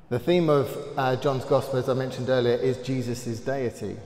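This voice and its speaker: A man with an English accent leading a Bible study, reading scripture aloud earnestly with frequent pauses and "um"s, recorded in a church hall. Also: mid-range voice, darkish tone, a little hiss or hum. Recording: roomy hall echo with faint ambience.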